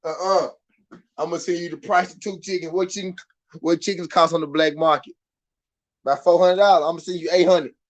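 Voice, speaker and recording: Animated Southern man, fairly high voice. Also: brisk. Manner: animated, swings from muttered to shouted, laughs often, repeats himself. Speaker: boxing show host. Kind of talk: casual live-stream chat.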